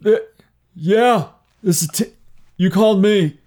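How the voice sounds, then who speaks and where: A man's voice: sits high, slow, darkish tone. A man voicing a flustered young woman runner who hesitates and keeps asking questions.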